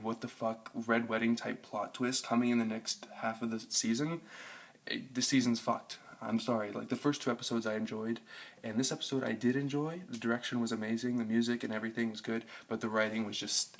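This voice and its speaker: A man's voice: medium pitch, creaky. A young man giving a frustrated, profane rant reviewing a TV episode, with lots of fillers. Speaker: TV review vlogger. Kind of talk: casual ranting review.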